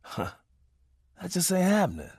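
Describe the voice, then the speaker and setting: A man narrating a comic memoir in a profane, preachy way, swinging his pitch for emphasis. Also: wildly swooping pitch, normal speed, creaky, a little mellow, breathy edge, no echo, clean studio sound.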